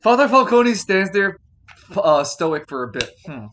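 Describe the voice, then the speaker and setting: A man running a tabletop game as game master, laughing often and yelling for comic effect. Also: sits high, normal speed, noisy background. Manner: animated, laughs a lot, yells comedically.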